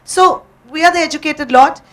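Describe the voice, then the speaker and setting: Female TV presenter, high pitch, persuasive panel speaker. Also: moderate pace, a bit bright. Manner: earnest, persuasive, with fillers. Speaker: television host on a panel. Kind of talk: panel discussion.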